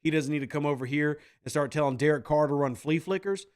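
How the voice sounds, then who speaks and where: A man's voice: on the high side, quick pace, smooth. A man hosting a podcast, joking and sarcastic as he reacts to viewer comments. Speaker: podcast host.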